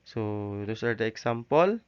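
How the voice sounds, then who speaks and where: Slow, halting male teacher. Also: on the low side, expressive, clear, resonant tone. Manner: slow, halting delivery with frequent "okay" and "so". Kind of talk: recorded class lesson. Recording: dull, lo-fi recording.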